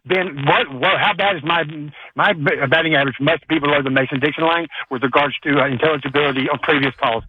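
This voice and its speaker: Male caller, fast-talking rambler, husky voice, overdriven phone-line sound. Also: on the high side, dry recording. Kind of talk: rambling call-in chat.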